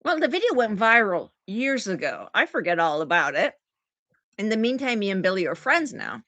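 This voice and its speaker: A woman chatting on a live stream and thanking viewers for gifts. She is recovering from oral surgery and tells her story in an animated way, acting out the quotes. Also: mid-range voice, normal speed, no room sound. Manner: animated storyteller, acts out quotes in big voices. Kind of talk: casual live-stream chat.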